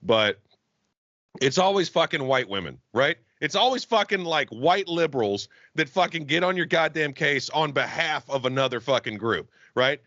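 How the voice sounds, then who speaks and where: Bright-voiced profane man, dry sound. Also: a little high, animated, moderate pace, dry recording. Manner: profane, rambling, restarts. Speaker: podcast host. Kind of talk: casual podcast chat. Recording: dry, slightly dull sound.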